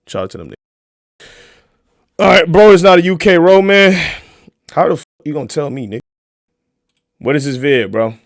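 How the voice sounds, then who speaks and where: Loud, mocking young male streamer. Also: a little high, big pitch swings, moderate pace, pauses often, no echo, studio quality. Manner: loud, profane, mocking, swings into shouts. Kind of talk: casual reaction stream.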